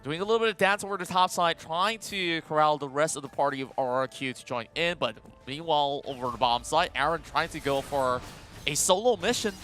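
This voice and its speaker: Male esports caster, bright forceful tone, slightly high voice, faint music bed behind. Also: fairly quick. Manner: animated, chatty play-by-play with frequent fillers. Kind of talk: live esports commentary.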